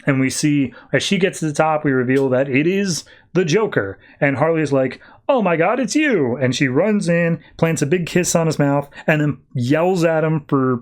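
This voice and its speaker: A man casually recapping a comic book on a podcast, slipping into quick, higher put-on voices for the characters. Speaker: podcast host.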